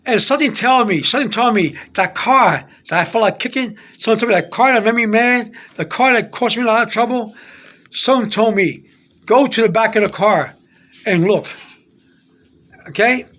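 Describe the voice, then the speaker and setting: A man telling a personal faith story in a rambling, halting way, repeating himself and restarting often. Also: extremely high pitch, bright, forceful tone.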